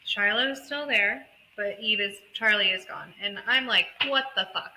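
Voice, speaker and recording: A woman's voice: medium pitch, moderate pace, few pauses, background noise. A woman co-hosting a casual book podcast, animatedly retelling a story and acting out the characters. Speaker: podcast co-host.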